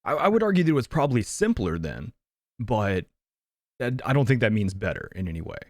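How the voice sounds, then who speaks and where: A man's voice: medium pitch, very animated, brisk, no room sound, clean studio sound. A man co-hosting a casual podcast over a video call, thinking aloud with lots of restarts and fillers. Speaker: podcast co-host.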